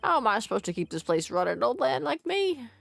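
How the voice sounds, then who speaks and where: A rambling old man who runs a pasta shop, put on by a woman. His creaky voice sits high and swings all over the place as he dotes on the kids. He is a fond, talkative old father figure from a video game. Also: very animated, fast, a bit bright, no room sound, soft background music, heavily acted. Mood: doting.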